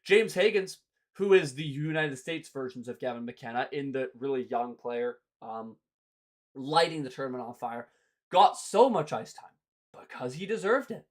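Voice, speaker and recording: A young man hosting a hockey podcast rants through his sports commentary, sounding exasperated and sarcastic. His voice is mid-range and his speed normal.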